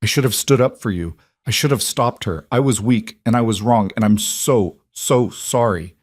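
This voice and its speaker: A man voicing a remorseful adult son who apologizes and begs, in a low, dry reading voice. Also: moderate pace, a little mellow, no room sound, close to an everyday voice. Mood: pleading. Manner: pleading, apologetic. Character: remorseful grown son, weak and pleading.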